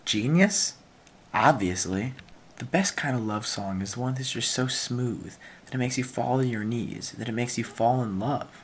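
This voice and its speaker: A man's voice: medium pitch, fairly even intonation, normal speed, few pauses, breathy edge. A young man giving a casual, playful analysis of a poem, with mock-dramatic asides.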